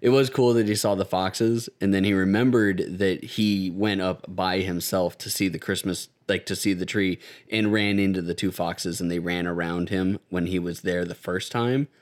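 A man casually recapping an anime episode with friends, swearing often and laughing, animated in his retelling. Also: deep voice, normal speed, hardly any pauses. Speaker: podcast co-host.

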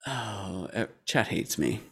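Male co-host, casual chat, animated pitch, frequent laughter, playful recaps. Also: slow, breathy edge. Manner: laughs often, recaps scenes with mocking voices. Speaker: podcast co-host. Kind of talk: casual anime discussion chat.

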